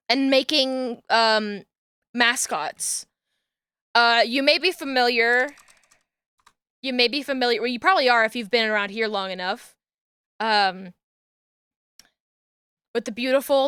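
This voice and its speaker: A young woman streaming from a small room at home, talking into a desk mic. Her voice is bright and a little high, and the sound is close and dry. She rambles in a chatty way and breaks into excited yelling. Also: unhurried, long pauses, smooth, no room sound. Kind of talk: casual livestream chat while crafting.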